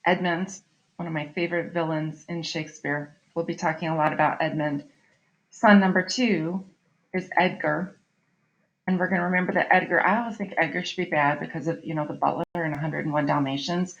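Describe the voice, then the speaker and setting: A woman's voice: low voice, fairly even intonation, brisk. A middle-aged woman teacher giving a recorded online literature lesson, explaining in a chatty way and often checking in with "right?". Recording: slightly dull lo-fi audio.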